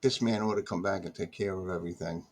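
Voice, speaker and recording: A deep-voiced American man with vocal fry and a darkish tone talks fast, his intonation fairly even. Addressing the camera directly in a casual vlog rant, he's exasperated, grumbling and going over his complaints again and again.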